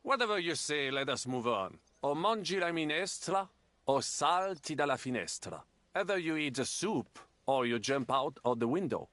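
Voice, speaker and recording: Fussy language teacher, slightly high, lively sing-song lines, precise and kinda exasperated, game character. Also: male voice, moderate pace, no room sound. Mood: patient, exacting. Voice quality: precise, exasperated tutoring manner. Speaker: language tutor. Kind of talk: game voice acting.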